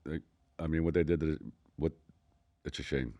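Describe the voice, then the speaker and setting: An older man with a Philadelphia accent tells stories in a deep, low voice. He talks quickly and rambles, restarting sentences and swearing casually as he goes. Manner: profane, rambling, animated storytelling. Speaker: podcast co-host telling stories. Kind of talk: casual storytelling.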